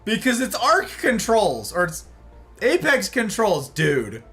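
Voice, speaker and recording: A man's voice: high voice, wildly swooping pitch, slow pace, a bit bright, soft background music. Exasperated man ranting on a game stream. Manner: exasperated, ranting about controls; talks to chat and a friend. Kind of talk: live gameplay stream chat.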